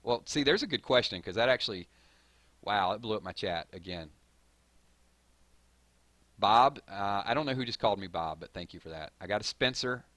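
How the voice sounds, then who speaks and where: A man with a Southern drawl hosting a live stream, reading viewer comments and hyping up his audience in a rambling, excitable way. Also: lowish voice, moderate pace, long pauses, dry recording. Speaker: gaming channel host.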